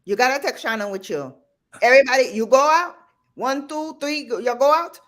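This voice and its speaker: A bossy older Caribbean grandmother , as a woman puts her on barks short, loud commands to herd the kids outside. Her voice jumps well above the speaker's usual pitch and carries a strong Caribbean lilt. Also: brisk. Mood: bossy commanding. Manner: loud, clipped, commanding calls.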